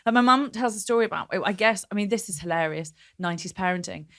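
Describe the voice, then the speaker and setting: A young adult woman, a comedian guest on a podcast, telling stories in a lively chat and acting out the people she quotes. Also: medium pitch, quick pace. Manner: animated storyteller acting out quotes with laughter.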